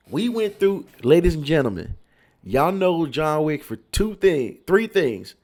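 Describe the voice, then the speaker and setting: A man's voice: fairly high pitch, expressive, moderate pace, a little mellow. A young man from Cincinnati reviewing a movie in a casual, rambling way, repeating words and acting out his friends' lines.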